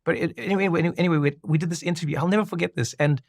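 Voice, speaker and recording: Podcast guest, man, lively storyteller, dry close mic. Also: a little high, rapid-fire, gravelly, no echo. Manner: animated storyteller, acts out quoted voices. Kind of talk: casual conversation.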